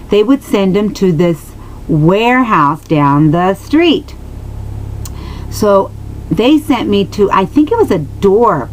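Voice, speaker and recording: A woman's voice: mid-range voice, slight background noise, low-quality recording. A woman telling a personal story straight to her viewers, earnest and emotional, rambling with many restarts and asides. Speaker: vlogger answering viewers.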